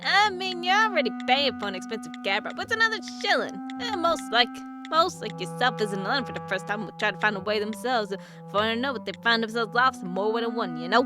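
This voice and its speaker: A woman's voice: on the high side, expressive, brisk, few pauses, over music, lightly acted. A woman voicing a chatty, nosy older male taxi driver in a put-on New York accent. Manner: talkative, pushy, folksy.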